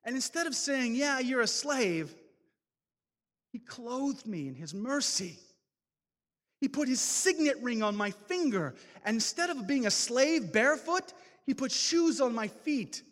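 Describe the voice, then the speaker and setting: A man delivers a fervent testimony, preacher-style, rising to loud calls. His voice sits high and swings widely, and his slow, deliberate delivery carries a long reverb from the large hall. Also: big pitch swings. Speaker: speaker giving a testimony talk. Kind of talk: impassioned testimony talk.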